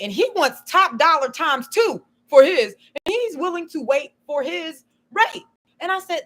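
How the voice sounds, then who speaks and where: A woman's voice: sits high, very animated, moderate pace, a bit bright. A woman chatting casually on a live stream, telling a rambling story full of "you know" and "um".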